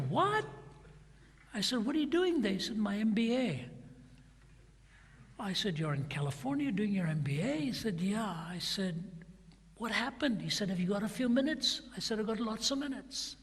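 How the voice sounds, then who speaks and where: A man's voice: high voice, fairly bright tone, husky. An older male preacher telling a story in a sermon, acting out both sides of a dialogue in a dramatic retelling. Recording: long reverb of a large hall.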